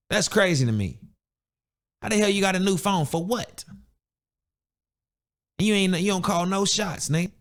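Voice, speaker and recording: A young man rants into his podcast mic, blunt and animated, full of street slang. His voice sits a bit higher than most men's. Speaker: podcast host. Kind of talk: casual motivational rant.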